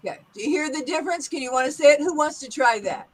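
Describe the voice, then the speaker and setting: A woman's voice: sits high, expressive, fast, hardly any pauses, dry recording, rough recording. A woman teaching accents in an online class, speaking over a video call, full of enthusiastic praise and carefully modeling pronunciation.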